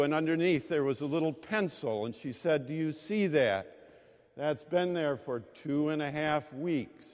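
A male pastor preaching a sermon, telling stories in a measured way with pauses and emphasis. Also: on the high side. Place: large chapel. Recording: long chapel reverb.

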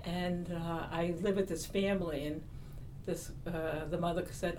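A woman's voice: lowish voice, normal speed, slight background noise. A woman with a Boston accent, an interview guest who tells stories animatedly and acts out what others said. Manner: animated, laughing, acts out quoted voices. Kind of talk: conversational storytelling.

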